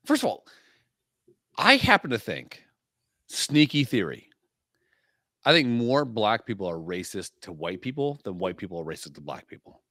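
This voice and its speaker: Here a male podcast co-host uses a lowish, sing-song voice that sounds pushed and bright. He jokes crudely and profanely in casual banter, provocative, with fast-shifting emphasis. The sound is clean studio audio without echo.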